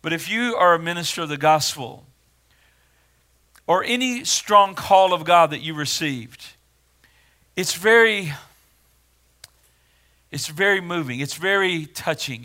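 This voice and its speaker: Casting note: male preacher, high bright tenor, earnest sermon delivery. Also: measured pace, long pauses. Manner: earnest, rising to emphatic when reading scripture aloud.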